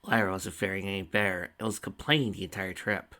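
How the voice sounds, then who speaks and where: A man with a fairly low voice narrates a story aloud. His tone is bright and forceful, and his reading stays steady and even. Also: fairly quick. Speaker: story reader. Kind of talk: reading fan fiction aloud.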